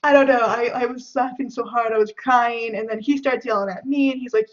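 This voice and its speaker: Talking a little fast with few pauses, a young Bay Area woman giggles and chats through questions in a casual vlog, even acting out her friends shouting. Her voice is a little high and steady in tone, and the recording is dull and lo-fi.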